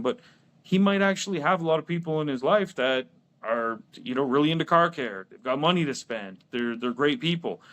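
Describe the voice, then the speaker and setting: A man's voice: mid-range voice, animated, brisk, fairly bright tone. A man co-hosting a business podcast, talking casually and telling stories with many restarts and laughs. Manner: storytelling with lots of restarts and laughs. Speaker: podcast co-host. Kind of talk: casual chat.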